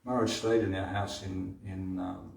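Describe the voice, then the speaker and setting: A man leading a devotional scripture class, retelling the story with halting repeats and restarts. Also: low voice, flat delivery, creaky. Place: temple hall. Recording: roomy hall from far off.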